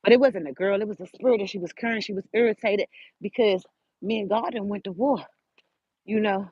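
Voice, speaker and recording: An older woman hosting a show, telling a spiritual story in an animated, preachy way and speaking right to her listeners. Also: medium pitch, brisk, breathy edge, no room sound. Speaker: host. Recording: dull lo-fi audio.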